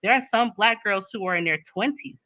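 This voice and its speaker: A woman hosting a casual chat, talking in an animated, joking way. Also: mid-range voice, fairly quick, no echo, poor audio. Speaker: host.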